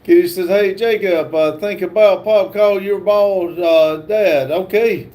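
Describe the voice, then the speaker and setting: A man hosting a livestream, reading viewer comments aloud with halting pauses and fillers. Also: high-pitched, mellow. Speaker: livestream host.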